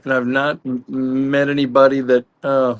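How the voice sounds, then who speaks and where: A man's voice: mid-range voice, level tone, moderate pace. A man co-hosting a sports talk show, chatting casually in a hesitant, self-deprecating way with fillers. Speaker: sports talk co-host and columnist.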